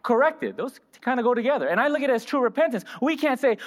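Animated high-voiced preacher man. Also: fast, hardly any pauses. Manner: animated, asks the congregation questions and answers them. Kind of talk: sermon. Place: church hall. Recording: reverberant church hall.

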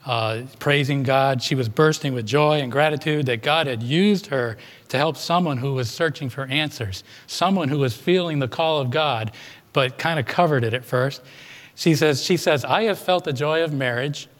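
A man's voice: medium pitch, normal speed. A man preaching a sermon, retelling a congregant's story and putting questions to his listeners. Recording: long hall reverb.

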